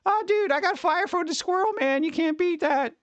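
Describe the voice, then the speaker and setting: A man's voice: extremely high pitch, moderate pace, no echo, highs cut off, pitched above the performer's own voice. A man putting on a boastful young male gamer bragging about his monster in slangy bro talk.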